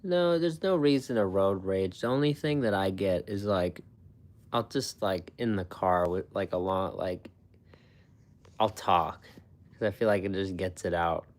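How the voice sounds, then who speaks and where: A man's voice: deep voice, a little slow. A man hosting a food channel, chatting casually with viewers in a rambling, profane way, with frequent laughs and fillers. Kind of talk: casual live-stream chat with viewers.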